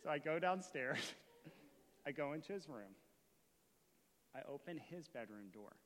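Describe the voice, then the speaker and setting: A man preaching a sermon as a story, moving from hushed retelling to impassioned shouting. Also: on the high side, expressive, unhurried, in a large hall. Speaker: pastor.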